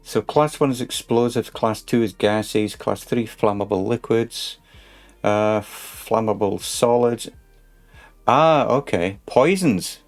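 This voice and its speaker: A man's voice: fairly low pitch, slow, faint music behind. A man casually commenting while he plays a truck game on a stream, chatty and muttering to himself.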